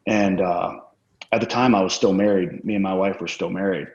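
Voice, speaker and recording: A man's voice: deep voice, steady tone, a little fast, a little mellow. A man telling rambling, profane anecdotes as a guest in a casual interview. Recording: roomy, dull lo-fi sound.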